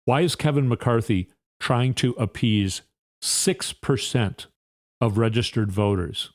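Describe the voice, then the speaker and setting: A man hosting a solo commentary show, his voice sitting at a middle pitch. He talks in a fired-up, indignant way, stacking one rhetorical question on top of another. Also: slow pace. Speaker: podcast host.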